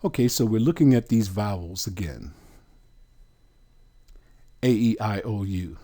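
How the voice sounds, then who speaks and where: A man's voice: on the low side, lively intonation, warm tone. A man teaching a sermon on scripture, asking the listeners questions and answering them himself. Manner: slow, questioning, call-and-response. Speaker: Bible teacher.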